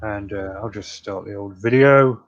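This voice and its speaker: A man's voice: lowish voice, normal speed. Chill jokey guy hosting a podcast, muffled lo-fi sound. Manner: jokey, laid-back. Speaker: podcast host. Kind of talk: casual podcast chat. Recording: dull lo-fi audio.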